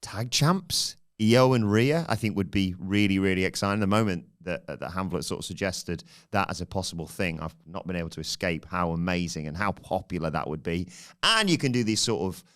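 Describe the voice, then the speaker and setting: A man's voice: deep voice, lively intonation, brisk, a bit bright. A man hosting a wrestling podcast, thinking aloud in a casual, rambling way. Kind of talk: solo podcast commentary.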